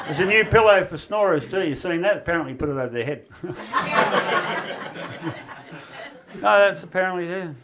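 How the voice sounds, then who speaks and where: A man's voice: high-pitched, animated, slow pace, pauses often, very noisy. A middle-aged man with an Australian accent doing a stand-up set in a backyard shed, rambling through stories and laughing at his own jokes. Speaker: stand-up comedian. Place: backyard shed gig with a small live audience.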